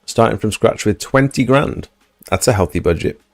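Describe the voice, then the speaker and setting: A man with a notably deep, low voice hosts a relaxed livestream, chatting loosely and reading viewer comments aloud. The sound is dry and close, with faint music playing underneath. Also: moderate pace, vocal fry, no room sound. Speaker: livestream host. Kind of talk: casual livestream chat.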